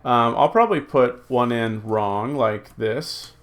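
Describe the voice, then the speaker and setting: A man teaching a recorded Greek lesson, slowly drilling word forms, reading out rules and thinking aloud with many ums and uhs. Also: medium pitch, a bit bright. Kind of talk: recorded classroom lecture.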